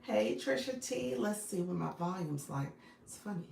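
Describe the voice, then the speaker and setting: A woman's voice: medium pitch, expressive, moderate pace, vocal fry, a little mellow, roomy sound, slight background noise. A woman hosting a casual live stream from her phone, chatting with viewers, greeting them by name and laughing often. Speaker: live-stream host and business coach.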